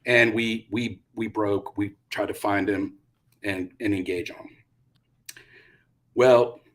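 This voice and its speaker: Middle-aged male guest, low-pitched, animated storyteller who acts out dialogue. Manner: animated, acts out quotes with bursts of loudness. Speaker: guest, retired Army pilot. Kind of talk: casual interview storytelling.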